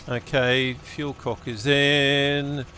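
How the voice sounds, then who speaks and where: A man's voice: mid-range voice, flat delivery, extremely slow. Chatty man over engine noise. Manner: chatty, self-mocking, talks himself through checks. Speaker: flight sim streamer. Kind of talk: live-streamed flight sim commentary. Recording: loud helicopter engine noise behind voice.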